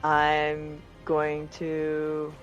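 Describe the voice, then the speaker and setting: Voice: medium pitch, monotone, drawn-out words, lo-fi sound, faint music behind. A player in a tabletop game, talking casually and laughing often.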